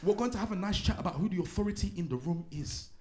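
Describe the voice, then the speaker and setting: A man's voice: sits high, expressive, fast, pitched above the performer's own voice. A man playing a stern, barking schoolteacher. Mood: sarcastic. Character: strict male schoolteacher scolding a class. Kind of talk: stand-up character bit. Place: small comedy pub venue, live audience.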